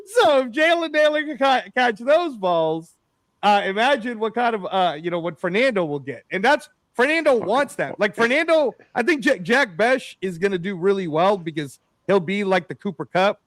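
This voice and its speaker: A man hosting a casual sports podcast, animated and rambling, calling people "bro" and "man". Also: sits high, normal speed, no room sound. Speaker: podcast host.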